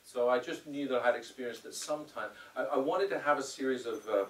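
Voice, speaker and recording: Talking quickly in a mid-range voice, a man who directs films responds to the audience at a live Q&A following a screening. He acts out quotes with animation while rambling through hesitations and restarts. The recording comes from a roomy cinema hall with a distant mic and faint ambience.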